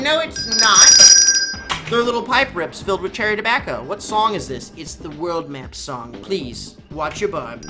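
A fairly high-pitched man rambles to his viewers in a loose, profane, excitable way. Clear game music plays behind him the whole time. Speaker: live streamer. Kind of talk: casual live-stream chatter to viewers.

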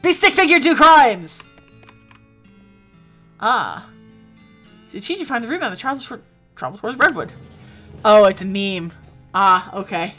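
A woman's voice: medium pitch, expressive, measured pace, long pauses, sharp tone, faint music behind. Playful young woman streaming a game. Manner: reads game text aloud, playful. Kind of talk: live game-stream commentary.

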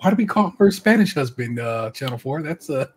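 An American man hosting a podcast in casual chat, reading contestant bios aloud with chatty, animated asides and frequent laughter. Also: medium pitch, fairly quick, breathy edge. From United States. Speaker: podcast host.

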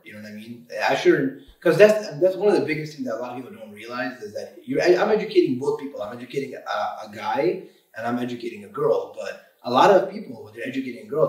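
Emphatic man, distant roomy mic. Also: medium pitch. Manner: emphatic, animated, leans on "you know" and "literally". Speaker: auto repair shop owner. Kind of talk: podcast interview guest.

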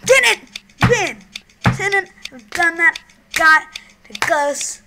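A young woman giving gameplay commentary on her own channel, excitable, shrieking and giggling, then dropping to mumbled whispers. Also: very high-pitched, takes it slowly, background noise. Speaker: gaming YouTuber.

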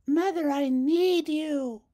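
A man's voice: extremely high pitch, animated, moderate pace, gravelly, warm tone, pitched above the performer's own voice, full character voice. A man voicing a small, distressed young girl in a storybook read-aloud, crying out and pleading. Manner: cries and pleads.

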